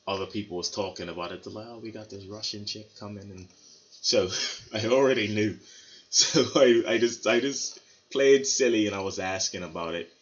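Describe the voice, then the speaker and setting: A man from Bermuda casually telling stories to his vlog audience, rambling with many fillers and restarts. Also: low-pitched. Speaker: vlogger. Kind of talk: casual storytelling to camera. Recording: slightly dull lo-fi sound with faint noise.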